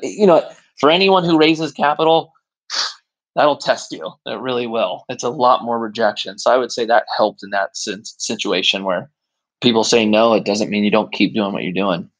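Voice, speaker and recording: Animated man telling business stories. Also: mid-range voice, low-quality recording. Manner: animated, acts out quoted voices while telling stories. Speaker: brewery co-founder. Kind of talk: conversational interview storytelling.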